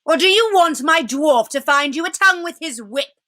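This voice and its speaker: A woman's voice: a little high, big pitch swings, measured pace, sharp tone, full character voice. A woman voicing a cruel witch queen who speaks in a commanding, scornful way.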